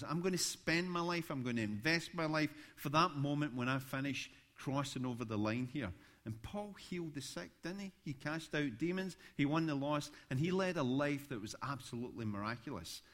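A man, a pastor preaching a sermon, telling stories with rising animation. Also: medium pitch. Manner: storytelling, animated when recounting events.

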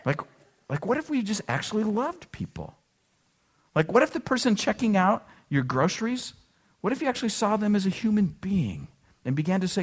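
A man preaching a sermon in a chatty, conversational way, leaning on asides and rhetorical questions to his congregation. His voice sits a little high and swings widely in pitch as he talks. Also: moderate pace, slightly rough. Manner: conversational, animated, frequent "like" and "right?". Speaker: pastor.

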